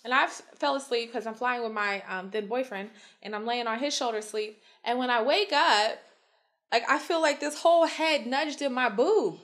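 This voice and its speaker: This podcast co-host, a young woman, has a slightly high, fairly bright voice and a moderate pace. In casual conversation she tells lively stories full of profane, blunt humor, acting out other characters, swearing freely and laughing a lot.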